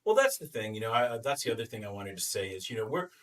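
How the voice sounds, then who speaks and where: Host: man, lower pitch, steers the conversation, a little off-mic with faint noise. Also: sing-song, distant mic. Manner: leads the talk, quick affirmations. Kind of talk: live stream market discussion.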